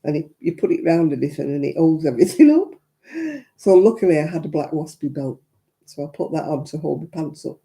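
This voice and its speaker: Hosting a live crafting stream, an Englishwoman responds to viewer comments with frank, chatty talk and frequent laughter. Her deep voice is gravelly yet warm, and she speaks animatedly at a fairly quick pace.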